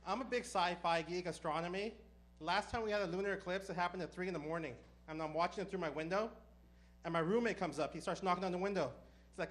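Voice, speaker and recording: A man doing a stand-up comedy set, telling stories with deadpan punchlines. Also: sits high. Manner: deadpan punchlines, brisk storytelling.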